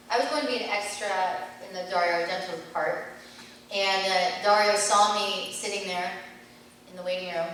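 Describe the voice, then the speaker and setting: A middle-aged woman tells animated anecdotes as a guest at a convention Q&A, full of fillers and quick laughs. Her voice comes from a distance in a large hall with heavy echo and a faint hum behind it. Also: fairly low pitch. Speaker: actress guest at a fan convention panel. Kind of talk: convention Q&A storytelling. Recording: echoey convention hall from far off, faint noise.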